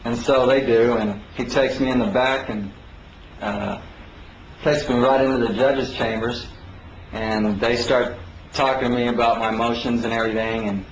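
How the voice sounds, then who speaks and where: A man telling an animated story about his own court case, acting out the people he quotes. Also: medium pitch, moderate pace, a little hiss or hum. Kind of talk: anecdotal storytelling talk. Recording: roomy, dull lo-fi 2009 recording.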